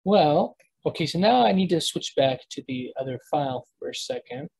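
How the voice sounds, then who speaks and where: A teacher giving a live online lesson while sharing the screen, explaining step by step in a halting way with frequent restarts and quick checks with the class. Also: mid-range voice, lively intonation, vocal fry, a little mellow, slightly rough. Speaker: language teacher.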